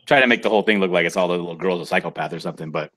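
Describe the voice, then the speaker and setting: A man with a low, deep voice retells a story haltingly, stopping often to search for words. He speaks casually, as one guest among friends on a livestream. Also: a bit bright. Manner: halting, lots of fillers, storytelling. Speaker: comic creator guest.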